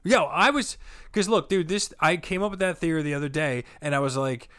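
A man's voice: a little high, fairly quick, a bit bright, clean tone, no room sound, clean studio sound. A man, a comedian chatting loosely on a podcast, rambling and swearing often. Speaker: comedian guest. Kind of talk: casual podcast chat.

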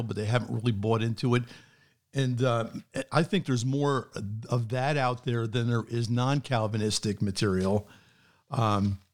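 A male pastor talks in an even, mid-range voice. He is earnest and measured, and sometimes reads aloud from prepared notes in a sincere tone. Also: medium pitch. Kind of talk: casual chat.

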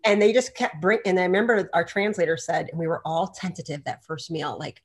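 Lively storytelling woman, lowish voice. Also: fairly quick, hardly any pauses. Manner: lively storyteller acting out quotes, laughing often. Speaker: doctor and podcast guest. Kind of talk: casual storytelling interview.

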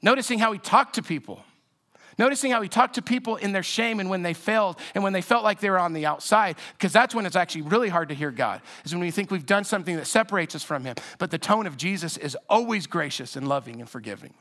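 A man's voice: high-pitched, expressive, fast, bright, forceful tone. A man preaching a sermon in a conversational, reflective way with frequent restarts. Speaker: pastor.

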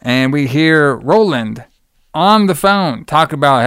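A man's voice: fairly high pitch, expressive, slow, fairly bright tone, smooth, no echo, studio quality. A man in casual chat, retelling a movie plot in a loose, profane, rambling way and laughing often. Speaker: podcast co-host recapping a movie.

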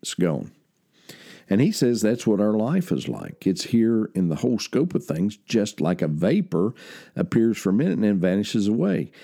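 A man's voice: fairly low pitch, sing-song, moderate pace, creaky, warm tone. A man with a West Virginian accent preaching a sermon in a folksy, conversational, homespun way.

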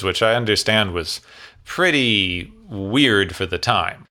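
A man with a low, bright, forceful voice argues his points in a relaxed chat. He sounds emphatic and opinionated and tosses off blunt asides. The delivery is loose and conversational. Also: takes it slowly. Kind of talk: casual discussion.

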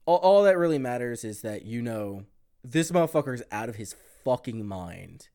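Man, podcast co-host, casual chat, profane, rambling, mid pitch. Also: normal speed, smooth. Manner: animated, profane, rambling with fillers.

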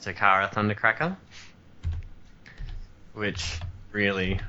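A man's voice: on the low side, fairly even intonation, takes it slowly, sharp tone, muffled recording. A man chatting casually about his collection, rambling with many fillers and restarts. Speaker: collector in group chat. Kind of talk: casual chat.

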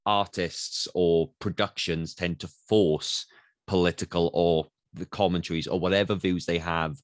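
A man's voice: low-pitched, fairly even intonation, unhurried, dry recording, studio quality. A man co-hosting a casual chat who mostly agrees with the other speaker and adds his own points. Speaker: podcast co-host.

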